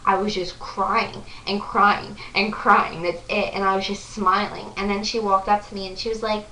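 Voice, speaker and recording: A woman's voice: mid-range voice, fairly even intonation, a little slow, few pauses, pushed and bright, distant mic. Gushing young woman, echoey and off-mic. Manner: breathless, gushing, lots of "like" fillers. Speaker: vlogger. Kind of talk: excited storytelling to camera.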